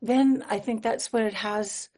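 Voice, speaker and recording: A woman's voice: a little high, fairly even intonation, unhurried, warm tone. A woman from Manitoba, Canada, a singer-songwriter guest speaking in a radio interview, telling stories in an earnest, reflective way and laughing easily.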